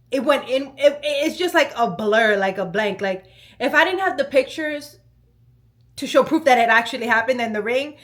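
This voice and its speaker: A young woman recounts a personal story straight to camera in a lively, gossipy storytime vlog. Her voice sits a little high, and she keeps things flowing with casual fillers and emphatic asides. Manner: animated, chatty storytelling with lots of "like" and "let me tell you". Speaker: vlogger.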